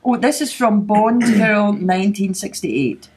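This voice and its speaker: A middle-aged woman with a Scottish accent hosts a relaxed podcast chat. She tells anecdotes in a lively, laughing way, with a voice of ordinary pitch. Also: unhurried. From Scotland. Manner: chatty storyteller, laughs often. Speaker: podcast host. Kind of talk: casual chat.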